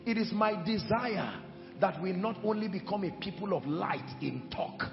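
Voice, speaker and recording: A man preaching a sermon with emphatic delivery, moving between shouted lines and hushed ones. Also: high voice, lively intonation, moderate pace, vocal fry, highs cut off. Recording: echoey hall with music behind.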